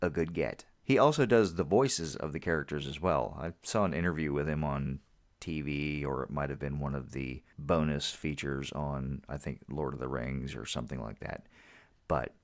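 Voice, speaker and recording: Man, podcast co-host, very low voice, casual movie chat, rambling. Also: normal speed. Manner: rambling, laughs at his own jokes.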